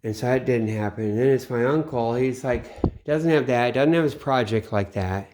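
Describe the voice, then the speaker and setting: A middle-aged man giving a rambling late-night monologue, swearing often and trailing off into low mutters. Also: normal speed, darkish tone, slight background noise. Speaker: channel host. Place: home at night.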